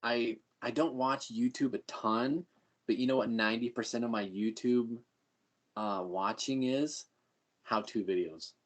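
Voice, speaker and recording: A man's voice: medium pitch, a little slow. Upbeat middle-aged man telling stories. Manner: upbeat, storytelling, laughs often. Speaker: guest. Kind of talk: casual chat.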